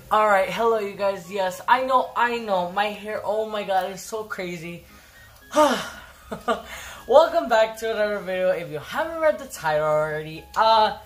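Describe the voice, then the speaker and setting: A woman's voice: medium pitch, fairly bright tone. A woman chatting casually to camera in a home kitchen, rambling and giggling, with lots of fillers. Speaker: vlogger.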